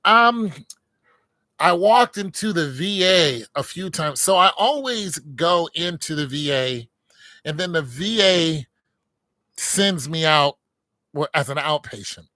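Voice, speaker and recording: A man's voice: on the high side, expressive, slow pace, bright, forceful tone, no room sound, clean studio sound. A middle-aged man, a military veteran, talking casually and candidly to his viewers, rambling with many fillers.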